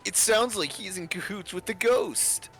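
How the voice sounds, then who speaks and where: A man's voice: sits high, a bit bright, soft background music, voice pushed up. A man voicing a nervous, whiny young slacker in a fan story reading. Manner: whiny, drawn-out.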